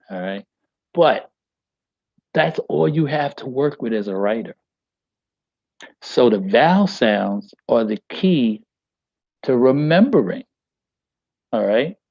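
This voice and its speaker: A man's voice: mid-range voice, a little mellow, no echo, dull audio. A man teaching a poetry workshop on a video call. He speaks emphatically and rhythmically, stretching key phrases and often checking in with "all right?".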